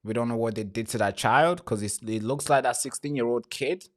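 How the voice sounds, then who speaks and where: A man hosts his own live stream with no polish, talking straight to his viewers. His voice sits at a middling pitch, and he swears freely, circles back and restarts phrases as he goes. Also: a little fast. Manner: repeats himself and restarts phrases.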